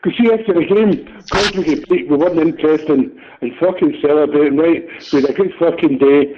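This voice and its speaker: A man's voice: a little high, a little fast, noisy background. A Scottish man in casual football chat, sweary and rambling, tagging lines with "right?". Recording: dull lo-fi recording.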